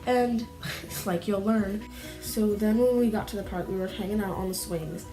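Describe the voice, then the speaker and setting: With soft music in the background, a woman vlogger casually tells a meandering story, saying "like" constantly and fidgeting as she talks. Her voice is warm and medium-pitched, at a moderate pace.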